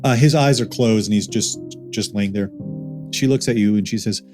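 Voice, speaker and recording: A man narrating as dungeon master, talking casually and haltingly with many fillers. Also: lowish voice, music in the background. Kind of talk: narrating a tabletop game.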